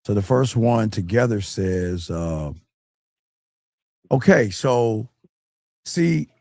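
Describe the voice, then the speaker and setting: A man hosting a livestream as a dating coach, talking bluntly and profanely and growing loud and scornful as he reviews a viewer's messages. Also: lowish voice, expressive, slow pace, no room sound, studio quality. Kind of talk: livestream advice talk.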